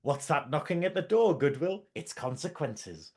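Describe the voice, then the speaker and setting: A man's voice: a little high, animated, normal speed, heavy background noise. A man co-hosting a casual review show. He teases bluntly and laughs often. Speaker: podcast co-host.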